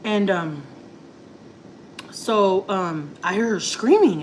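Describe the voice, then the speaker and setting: A woman's voice: medium pitch, slow, darkish tone, slight background noise, poor audio. Rambling, confiding woman vlogger. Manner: rambling, heavy use of filler words like "like" and "you know"; emotional, confiding. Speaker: family vlogger. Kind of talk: casual storytelling to camera.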